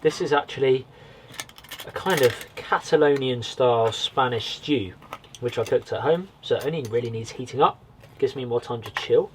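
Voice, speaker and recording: A man from Britain vlogging from a small wood cabin with a stove, chatting in a relaxed way and talking straight to his viewers. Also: mid-range voice, normal speed, slight background noise. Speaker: outdoors vlogger. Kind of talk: casual vlog to camera.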